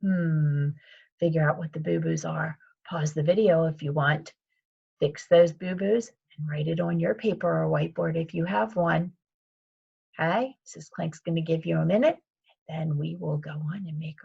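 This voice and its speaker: A woman kindergarten teacher leads a recorded video lesson, speaking slowly and patiently in a sing-song way. Her voice is husky and gravelly, with a lot of fry. The sound is dull and lo-fi. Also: low-pitched, a little mellow. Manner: slow, patient, sing-song teacher talk, calls herself by her surname. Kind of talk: remote video lesson for young children.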